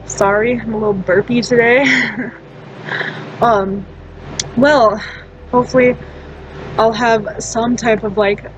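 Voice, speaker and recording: A woman's voice: a little high, fairly even intonation, takes it slowly, long pauses, highs cut off, over music. A woman talking casually in a storytime vlog, blunt and profane, rambling with frequent laughs and restarts. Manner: loose, chatty delivery with many fillers and restarts. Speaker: storytime vlogger.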